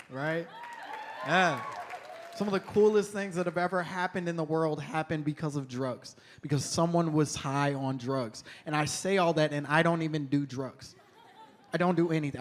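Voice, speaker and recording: A male stand-up comedian performs on stage, telling his stories in an animated, conversational way. His voice sits fairly high for a man, with a faint hiss of noise under the recording.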